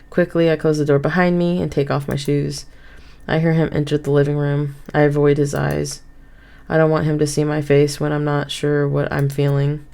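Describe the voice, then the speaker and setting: Low gravelly woman streamer reading game text. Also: darkish tone. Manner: reads game text with asides and self-corrections. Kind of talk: reading a visual novel game aloud on stream. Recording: game music behind the voice.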